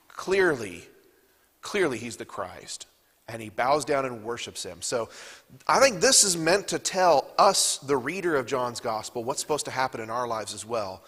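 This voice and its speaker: A man's voice: mid-range voice, animated, moderate pace, fairly bright tone, breathy edge, in a large hall. Man teaching a Bible class. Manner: reads scripture aloud and asks the class questions. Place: church classroom.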